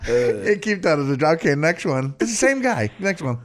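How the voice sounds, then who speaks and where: A man's voice: on the high side, sing-song, moderate pace, very noisy. A middle-aged male podcast host mocking callers in casual comedy chat, mimicking them between laughs.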